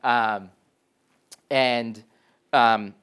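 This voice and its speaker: A young man giving a live talk to a college class as a startup founder, telling stories in a lively way, full of "like" and "um," and acting out quoted voices. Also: mid-range voice, drawn-out words, clean tone. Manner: lively storyteller, frequent "like" and "um", animated quoted voices.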